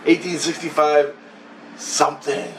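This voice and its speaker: A man's voice: on the high side, flat delivery, a little slow. A man telling a long dream story in a profane, rambling way, laughing between phrases. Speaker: vlogger recounting a dream. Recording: roomy echo, far from mic, faint hiss.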